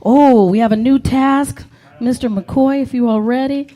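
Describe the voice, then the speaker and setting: A woman's voice: high voice, steady tone, measured pace, warm tone. A woman hosting a live comedy game show, bubbly and laughing often.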